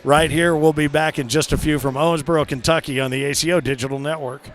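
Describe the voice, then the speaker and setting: A male commentator running a live cornhole broadcast. He jokes easily with his guests and keeps the banter loose. His voice sits fairly high. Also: fairly even intonation, fast. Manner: jokey, easygoing host banter. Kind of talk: live sports broadcast chat.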